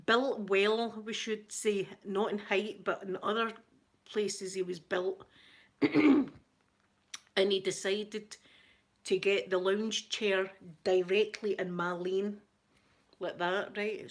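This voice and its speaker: A woman's voice: medium pitch, fairly bright tone. A middle-aged Scottish woman hosting a live stream, chatting casually to viewers and telling funny gossip stories with frequent laughter. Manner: chatty storyteller, laughs often, greets chat viewers. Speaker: ASMR livestream host.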